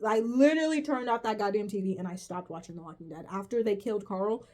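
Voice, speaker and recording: A woman vlogger reviewing a TV finale rants casually to camera, profane and exasperated, saying "bro" often and rambling with restarts and self-corrections. Her medium-pitched voice is mellow and fast.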